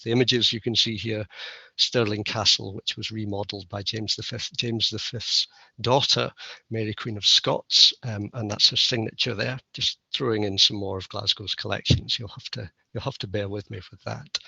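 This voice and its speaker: Gravelly guy with a sharp bright voice, wry self-deprecating keynote talk, dull muffled dry sound. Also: on the low side, steady tone, normal speed, no room sound. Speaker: keynote speaker. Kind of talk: conference lecture.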